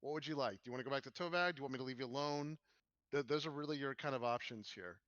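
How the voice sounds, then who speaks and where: A man voicing a smug, menacing male villain who mocks and threatens in a slow, contemptuous way, on a dull lo-fi recording. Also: mid-range voice, fairly bright tone, no echo, close to an everyday voice.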